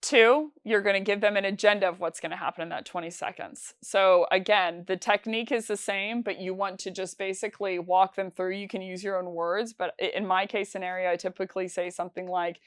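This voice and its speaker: A woman's voice: medium pitch, fairly even intonation, brisk, few pauses, clear, resonant tone, no room sound, studio quality. A woman teaching sales calls in a conversational, instructional talk, with frequent fillers and restarts. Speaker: sales trainer.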